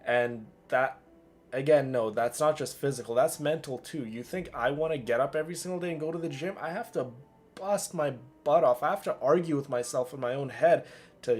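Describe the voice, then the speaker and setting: A man's voice: mid-range voice, moderate pace, darkish tone, soft background music. A man streaming, talking to his viewers in a heartfelt, stammering way, sounding worn out. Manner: stammering, heartfelt, repeats himself. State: tired. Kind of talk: emotional livestream chat with viewers.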